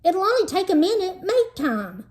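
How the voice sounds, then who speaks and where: A woman's voice: very high voice, very animated, moderate pace, pitched above the performer's own voice. A woman reading aloud voices a stern mother who speaks firmly and gives orders.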